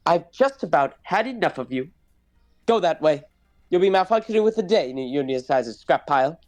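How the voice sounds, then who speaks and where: A man's voice: a little high, expressive, normal speed, faint music behind, voice pushed up, close to an everyday voice. C-3PO, a man doing a fussy fretting robot butler. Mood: indignant. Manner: prim, fretful, complaining. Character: fussy anxious golden protocol robot, male.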